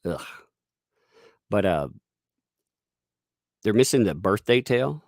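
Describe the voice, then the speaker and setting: A man's voice: deep voice, sing-song, moderate pace, creaky, no room sound. A man with a Southern US accent, chatting casually on a live stream, rambling with restarts and frequent chuckles as he reads viewer tips.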